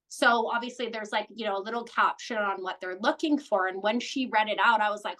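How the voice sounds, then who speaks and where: A woman in her forties from Canada, a podcast guest, chatting casually and telling animated stories with plenty of swearing. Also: a little high, fairly quick, hardly any pauses. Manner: lively storyteller, swears freely. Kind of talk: casual chat. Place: home in England.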